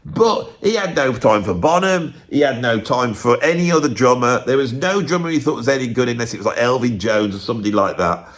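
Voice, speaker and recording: A man's voice: mid-range voice, expressive, fairly quick, hardly any pauses. A man, a drummer hosting his own video, talking bluntly and rambling, at times arguing with himself. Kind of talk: casual opinionated monologue.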